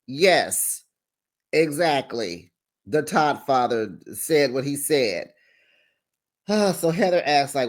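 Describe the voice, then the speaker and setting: A man hosting a casual recap of a reality show, sassy and animated, acting out quotes and laughing between remarks. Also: slow. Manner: sassy, animated, acts out quotes with sharp pitch jumps. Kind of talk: casual chatty recap commentary.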